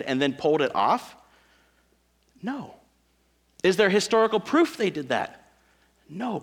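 A male pastor preaching a sermon, emphatic, with dramatic pauses and big swings between loud and soft. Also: high-pitched, vocal fry.

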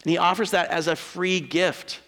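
A male pastor preaching a sermon, emphatic, with dramatic pauses and big swings between loud and soft. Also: high-pitched, level tone.

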